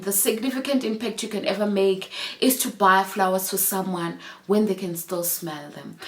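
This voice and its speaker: A woman in her thirties talking earnestly in a chat vlog, heartfelt and reflective, with fillers and restarts. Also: mid-range voice. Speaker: vlogger.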